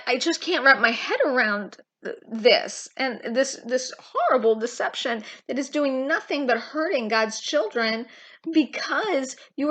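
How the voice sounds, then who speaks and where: A woman giving an informal, impassioned Bible teaching, emphatic and full of pauses and restarts. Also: high-pitched, fairly bright tone. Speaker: Christian teacher.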